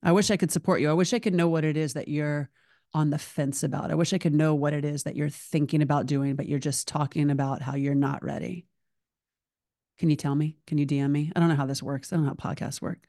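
Animated woman host, dry close mic. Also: sits low, quick pace, no room sound. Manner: animated, emotional, chatty with frequent "like". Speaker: podcast host. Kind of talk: solo podcast monologue.

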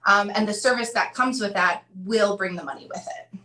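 A woman in her thirties, a podcast guest talking through ideas and acting out quotes in animated storytelling. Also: medium pitch, brisk, reverberant, poor audio. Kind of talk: conversational interview.

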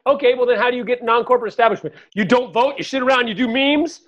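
Co-host, mid-pitched, profane, animated storyteller, slightly muffled lo-fi sound. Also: fast. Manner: profane, animated, jokey, breaks into mock voices and laughter. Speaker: podcast co-host. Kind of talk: casual political chat.

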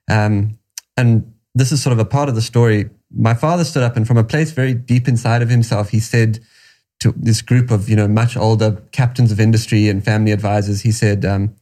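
A man with a South African accent answers an interviewer in a reflective, storytelling way. His voice sits low and warm, with a soft, dark tone. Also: fairly even intonation, brisk. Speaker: guest.

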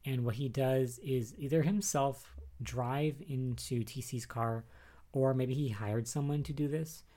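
A man's voice: mid-range voice, unhurried, warm tone. A man casually recapping soap opera episodes, chatty and rambling, with lots of fillers and asides. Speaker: recap vlogger.

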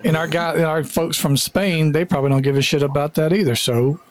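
Teasing, loud-mouthed male podcast host. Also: fairly high pitch, steady tone, a little fast. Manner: boisterous, swears freely, teasing. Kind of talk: casual chat.

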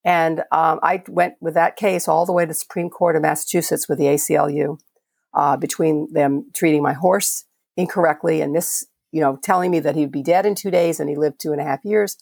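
An older woman from Florida, a veterinarian appearing on a podcast, tells stories passionately and conversationally, restarting often. Her voice is low, steady, brisk, gravelly and somewhat dark, recorded clean in a studio with no room sound.

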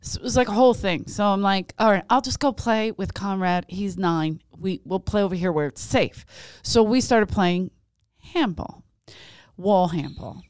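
A woman co-hosting a casual comedic podcast, telling stories with lots of laughter and squeaky quoted voices. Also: normal speed, clear, resonant tone, dry recording. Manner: animated storyteller, squeals quoted lines high, laughs often. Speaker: podcast co-host.

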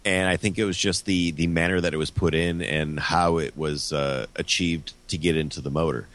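Low-voiced man explaining car fixes. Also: moderate pace. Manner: relaxed, explains step by step. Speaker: car repair expert guest. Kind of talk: casual chat.

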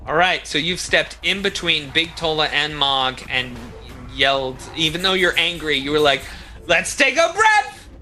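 A man who is the game master, narrating a tabletop game in a calm, wry way. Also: on the high side, moderate pace, few pauses.

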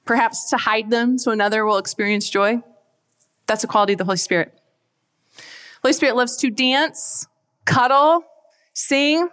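A woman giving a faith talk to a live audience, chatty and animated, often asking the crowd questions. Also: on the high side, moderate pace, pauses often. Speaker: speaker at a church event. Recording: long hall reverb.

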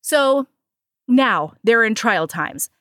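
A woman casually recapping a book in animated, profane chat, acting out the characters' lines as she goes. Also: on the high side, slow pace, no room sound, clean studio sound. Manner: animated, swears freely, acts out characters' lines. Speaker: podcast co-host reviewing a book.

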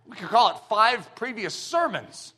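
Animated, bright-voiced preacher man. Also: high voice, a little slow, slightly rough. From United States. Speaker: pastor. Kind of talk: sermon. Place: church.

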